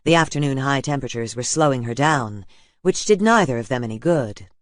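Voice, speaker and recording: A man reading a fantasy audiobook in a steady, even narration. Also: mid-range voice, brisk, no room sound, clean studio sound.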